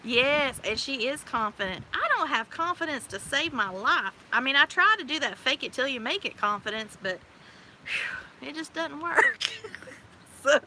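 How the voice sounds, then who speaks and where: A woman in her forties chatting casually on her live stream outdoors, bubbly and quick to laugh. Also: high voice, animated, sharp tone. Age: 40s. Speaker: livestream host. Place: outdoors by a pool on a windy day. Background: wind gusts.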